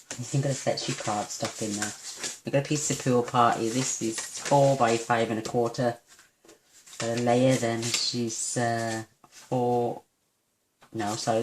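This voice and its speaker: Woman, casual craft tutorial, chatty, gushing, self-deprecating, faint background noise. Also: rumbling low. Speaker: papercraft tutorial host.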